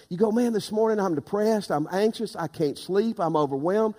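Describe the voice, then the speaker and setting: A man preaching a sermon as pastor, building to loud, emphatic passages. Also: high-pitched, moderate pace, hardly any pauses, long reverb tail.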